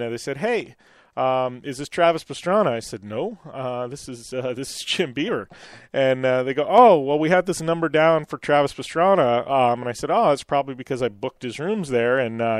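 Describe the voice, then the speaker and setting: A man's voice: mid-range voice, no room sound, studio quality. A middle-aged man hosting a radio show, telling a story in a rambling way with many fillers and restarts. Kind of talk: casual radio chat and storytelling.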